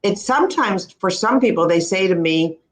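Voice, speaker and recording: A woman's voice: medium pitch, animated. Instructive Canadian woman in an echoey room. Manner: crisp, instructive, demonstrates words slowly. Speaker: speech-language pathologist. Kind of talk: teaching pronunciation in conversation.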